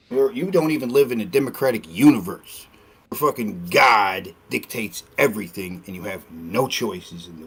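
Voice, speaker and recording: A husky-voiced man on a casual podcast, swinging his pitch all over as he rants. He swears freely and mocks people with quick put-on voices. His tone has a grainy, breathy edge. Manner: animated, profane ranting with mocking impressions. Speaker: guest streamer.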